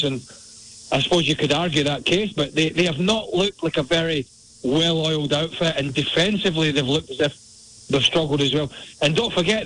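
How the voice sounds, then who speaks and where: A man breaks down soccer matches with blunt, frank opinions. His voice sits a bit high for a man and comes through a radio call-in line. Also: pushed and bright, slight background noise, rough recording. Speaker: soccer analyst. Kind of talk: radio sports analysis.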